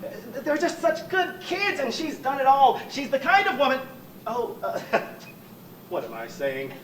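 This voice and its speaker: A man's voice: very high-pitched, big pitch swings, unhurried, a bit bright, full character voice. A man playing a weepy, fretful divorced husband. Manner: sentimental and apologetic, given to tearful rambling. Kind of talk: live stage comedy acting. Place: church stage before a live audience. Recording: echoey hall, distant room mic, faint noise.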